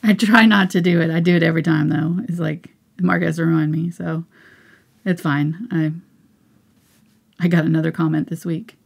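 Soft, breathy woman teaching painting. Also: sits low, steady tone, moderate pace. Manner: mumbling to herself. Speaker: painting instructor. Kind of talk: live painting tutorial.

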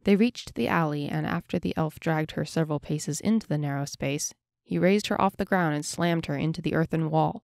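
A woman narrating a fantasy audiobook in a steady, measured way. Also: sits low, vocal fry, no echo, studio quality.

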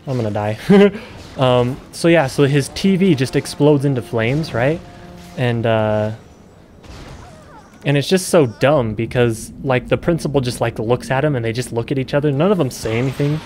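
A man's voice: mid-range voice, normal speed, soft background music. A young man streaming a game, rambling casually and swearing while he plays. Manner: swearing, rambling, gets loud and exasperated. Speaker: gaming streamer.

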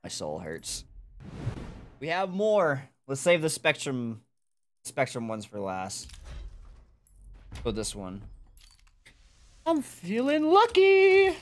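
A young adult streamer chatting casually while opening game cases, swearing and yelping loudly when excited. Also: medium pitch, takes it slowly, long pauses, a little hiss or hum. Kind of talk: casual live-stream commentary.

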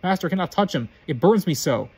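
A man's voice: on the high side, animated, quick pace, a little mellow, breathy edge, full character voice. A man voicing a nervous, desperate male wizard servant who pleads in a strained voice. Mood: pleading.

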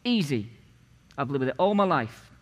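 Pastor guy in his late 40s preaching, punchy and chatty, lots of questions at the crowd, mid pitch, big church echo. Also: big pitch swings, moderate pace. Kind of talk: sermon. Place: church sanctuary. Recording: long church reverb.

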